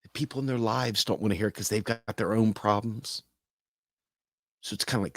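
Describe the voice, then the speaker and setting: Male host, low voice, earnest casual monologue, dry close sound. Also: normal speed, no room sound. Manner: earnest, acts out quoted voices. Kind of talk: casual direct-to-camera talk.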